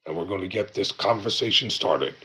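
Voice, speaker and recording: A man hosting his own show, talking in a slow, deliberate, preaching style with pauses. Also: fairly low pitch, sharp tone, a little hiss or hum. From United States. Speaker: show host. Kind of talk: monologue commentary.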